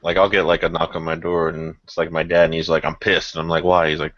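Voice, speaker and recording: A young man with a low, deep voice and a forceful, bright edge, chatting loosely on a podcast. He rambles with fillers and laughs often. The audio is dry and a bit muffled. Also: monotone, fast talker, dry recording. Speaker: podcast host. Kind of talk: casual podcast chat.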